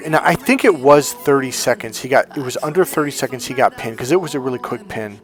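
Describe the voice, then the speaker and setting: A man's voice: medium pitch, animated, fast talker, hardly any pauses, soft background music. A man coaching as a motivational speaker, telling a story in a casual, slangy way with plenty of swearing. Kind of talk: storytelling monologue.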